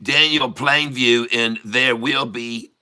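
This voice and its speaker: A man's voice: medium pitch, fairly even intonation, slow pace, pushed and bright, smooth. A man hosting a casual day-trading livestream, talking in a folksy, joking, rambling way.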